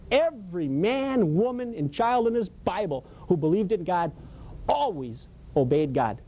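High-voiced man preaching casually. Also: mellow. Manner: storytelling, emphatic, colloquial, laughs often. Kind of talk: conversational sermon.

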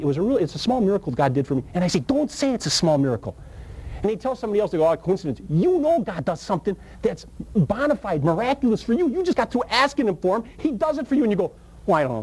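Male preacher, testimony sermon: husky, quick-talking storyteller with excited high bursts. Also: rough recording.

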